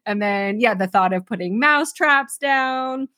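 A woman with a slightly high voice chimes in with teasing remarks and easy laughter. She is recorded dry and close, with no echo. Her talk is loose, casual podcast banter. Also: bright, forceful tone. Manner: teasing, quick to laugh, interjecting. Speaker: podcast co-host. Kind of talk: casual chat.

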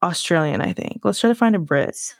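A woman's voice: on the low side, expressive, fairly quick, creaky, no echo. A woman in her twenties from Virginia with a light Southern accent, chatting on her own show in a rambling, self-mocking way full of fillers. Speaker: podcast host. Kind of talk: casual solo chat.

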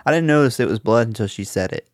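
A man's voice: medium pitch, lively intonation, quick pace, no echo, clean studio sound. A man co-hosting a casual horror movie podcast, recapping the plot with lots of swearing and laughter. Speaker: podcast co-host.

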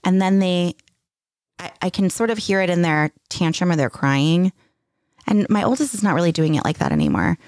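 A woman's voice: fairly low pitch, very animated, normal speed, creaky, a little mellow, dry recording, studio quality. A woman in her thirties, a podcast co-host, talking candidly and chattily about parenting, with some casual swearing. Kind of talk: casual chat.

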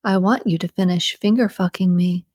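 A woman reading a story, voicing a cold, manipulative female killer who speaks slowly and in a hushed, commanding way. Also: lowish voice, fairly even intonation, breathy edge, dry recording, studio quality. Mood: menacing.

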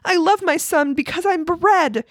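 A woman's voice: very high-pitched, unhurried, no room sound, studio quality, voice pushed up. A woman voicing a sentimental male loaf of bread that earnestly pleads to live. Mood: doting.

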